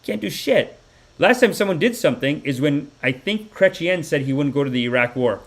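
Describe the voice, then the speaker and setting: A Canadian man in his thirties hosts a live-streamed satirical commentary podcast, cursing freely and staying animated as he swings between loud outbursts and mumbled asides. His voice sits fairly high and he talks briskly.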